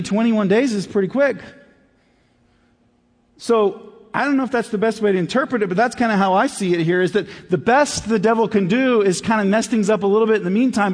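A man preaching a sermon as pastor, in a conversational way that drops low and quiet for emphasis. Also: big-room sound.

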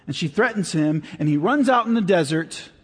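A man preaching a sermon as pastor, conversational and animated, dropping to a hush at times. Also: sits high, moderate pace, slightly rough. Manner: conversational, swings between animated and hushed. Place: church sanctuary. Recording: reverberant hall.

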